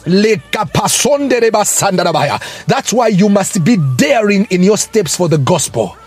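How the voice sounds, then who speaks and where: A man's voice: high voice, expressive, moderate pace, darkish tone, husky, faint music behind. A man preaching a fervent sermon, breaking into tongues and rising exclamations.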